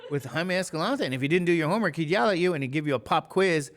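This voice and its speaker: A man's voice: fairly high pitch, lively intonation, fast, fairly bright tone. A man in his fifties, a math teacher talking casually and rambling to his class between examples. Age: 50s. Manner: chatty, rambling, jokey asides to students.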